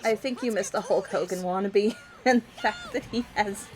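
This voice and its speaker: A woman's voice: medium pitch, moderate pace. A woman co-hosting a game stream in casual chat, laughing often and hard. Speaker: streamer co-host. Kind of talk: casual chat over gameplay.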